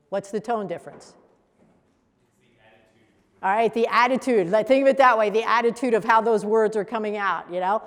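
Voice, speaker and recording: A woman leading a coaching workshop for a live group, animated and acting out example voices as she teaches. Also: mid-range voice, moderate pace, pauses often. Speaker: coach trainer. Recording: echoey hall reverb.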